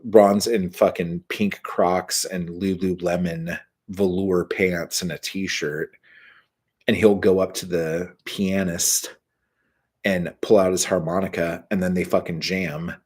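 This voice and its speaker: A man's voice: low voice, flat delivery, slow pace, a little mellow, husky. A man casually telling rambling, profanity-laced stories and answering his live chat, full of filler words.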